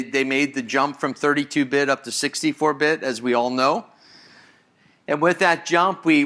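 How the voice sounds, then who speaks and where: This senior engineer's voice is high and bright, with a pushed quality, as he presents a live talk to a conference audience. His delivery is eager and chatty, full of repeated words and restarts.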